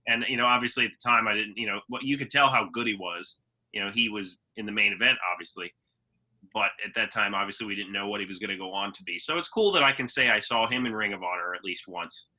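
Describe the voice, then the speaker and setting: A man's voice: fairly low pitch, quick pace, bright, forceful tone, low-quality recording. A man co-hosting a podcast, chatting in an easygoing way with fillers and restarts. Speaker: podcast co-host. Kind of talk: casual chat.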